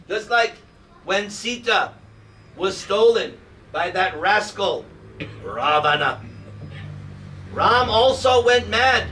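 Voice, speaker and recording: A man's voice: sits high, expressive, takes it slowly, pauses often, pushed and bright. A man giving a devotional class to a group, telling humorous and emotional stories. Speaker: devotional teacher. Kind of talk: spiritual class talk with storytelling. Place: hall in front of a live group. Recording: distant mic with noisy room ambience.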